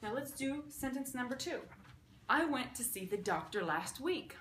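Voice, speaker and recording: A woman's voice: high voice, animated, moderate pace, a bit bright. Upbeat woman teaching at a whiteboard, goes step by step, keeps asking okay?, echoey room with a bit of hiss. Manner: upbeat, explains step by step, often checks with "okay?". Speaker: sign language teacher. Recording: echoey room, faint background noise.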